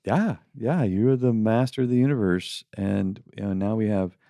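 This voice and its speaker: Man, gravelly, dark-toned, middle-aged podcast co-host, casual faith talk, animated. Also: on the low side, moderate pace, no room sound, studio quality. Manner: animated, puts on mocking voices for quoted people.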